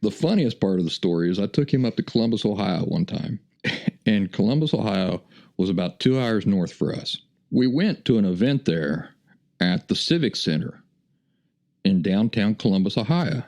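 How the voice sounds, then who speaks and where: A middle-aged man speaks in a low, gravelly voice with plenty of vocal fry. He tells his story in a folksy, chuckling way, as a podcast host chatting to listeners. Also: expressive, moderate pace, a little mellow. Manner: folksy, chuckling anecdotal delivery. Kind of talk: casual storytelling.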